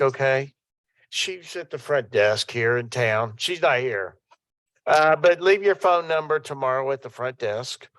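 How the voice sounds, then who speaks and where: A man's voice: mid-range voice, a bit bright, no echo. A man, president of a town council, answering a resident in a reassuring way and often repeating himself. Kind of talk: meeting chair responding. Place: town council meeting room.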